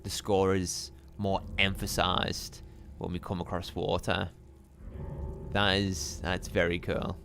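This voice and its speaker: A man streaming a live game playthrough, chatting with viewers in a relaxed, musing way. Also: low voice, slow, gravelly, faint music behind. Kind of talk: live gameplay commentary.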